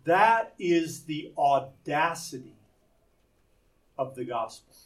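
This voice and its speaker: Male Bible teacher, slow and deliberate, fairly high voice, asks questions to explain. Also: animated, distant mic. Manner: explains by posing rhetorical questions. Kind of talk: Bible lesson.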